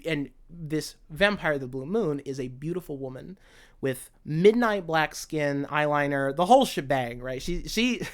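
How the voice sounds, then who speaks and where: A man's voice: on the high side, expressive, measured pace. A man retelling an anime series in a casual video essay, emotional and rambling, with many restarts. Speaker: anime commentator.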